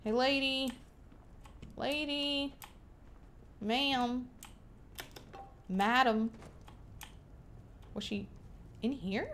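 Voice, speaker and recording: A woman's voice: high voice, steady tone, very slow, pauses often, fairly bright tone, slight background noise. A young woman streaming a game, chatting playfully to herself and to the game characters. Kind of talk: casual gameplay commentary.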